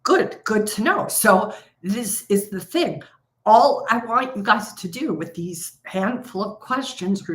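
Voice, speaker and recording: A woman's voice: medium pitch, fairly bright tone. A middle-aged woman leading a live coaching session, speaking directly to viewers and stretching out key phrases for emphasis. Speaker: trading coach.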